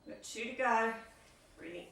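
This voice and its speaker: An upbeat woman leads a weights workout, counting reps and cueing each breath. Her voice is very bright and sits fairly high. She sounds a bit away from the mic, in a room with a strong echo. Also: moderate pace, creaky. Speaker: fitness instructor. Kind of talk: live workout coaching. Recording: echoey room, mic at a distance.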